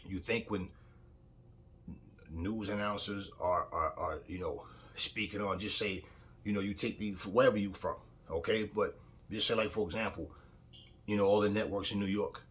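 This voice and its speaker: A man's voice: on the low side, fairly even intonation, moderate pace, fairly bright tone. A man talking in a casual opinion vlog as a boxing commentator, telling stories bluntly and heatedly, with frequent swearing.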